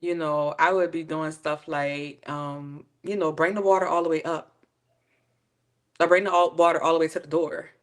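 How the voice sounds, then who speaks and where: A woman's voice: low voice, moderate pace. A woman, chatting casually and acting out quoted exchanges as she tells stories. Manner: animated storyteller acting out quoted exchanges, laughing often. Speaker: host. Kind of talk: casual chat.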